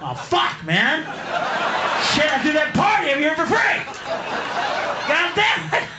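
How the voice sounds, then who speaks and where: A man voicing a rowdy old country singer, shouting and whooping as he invites everyone to a party. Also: extremely high pitch, huge pitch swings, a little slow, heavy background noise, voice pushed up, heavily acted. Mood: dismayed. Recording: live club recording, echoey, loud crowd.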